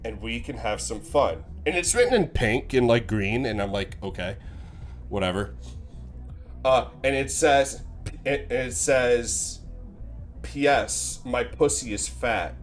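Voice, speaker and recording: A man's voice: medium pitch, animated, slow, soft background music. A young man streaming, telling a rambling, profane, self-deprecating story in a casual way into a desk mic.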